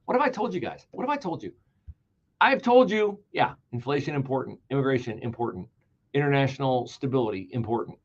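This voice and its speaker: Man, political commentary host, sarcastic, emphatic, animated pitch, slightly muffled stream audio. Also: brisk. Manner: emphatic, sarcastic, repeats key words for stress; swings between loud outbursts and mocking whispers.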